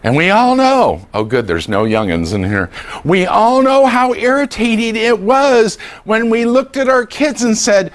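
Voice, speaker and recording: A man's voice: high-pitched, a little slow. An older man giving a humorous talk on dementia care to a class, joking and acting out voices of family members. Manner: animated, jokey, acts out voices.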